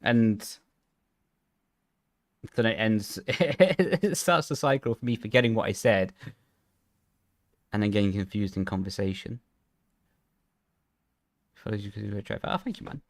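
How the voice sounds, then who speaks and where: A young man streaming a racing game from his home rig, chatting casually and rambling as he reads chat aloud, with a flat intonation, into a headset mic. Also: lowish voice, a little slow, long pauses. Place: home sim rig room.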